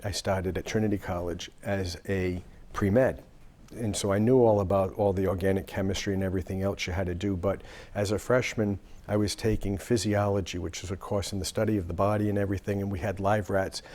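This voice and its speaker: A man in his sixties from Rhode Island, speaking in a somewhat low voice. He answers interview questions with long, easygoing stories, pausing on fillers as he goes. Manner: relaxed anecdotal talk with fillers. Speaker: lawyer and guest.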